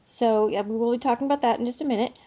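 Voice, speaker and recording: Female podcast co-host, casual book talk, slightly high voice, muffled lo-fi audio. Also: racing, mellow. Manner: chatty, with filler words. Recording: dull lo-fi audio.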